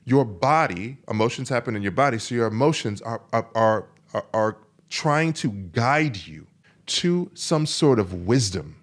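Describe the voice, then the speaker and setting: A man's voice: medium pitch, animated, unhurried. A man hosting a podcast, coaching other men in an emphatic, repetitive monologue. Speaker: men's coach and podcast host.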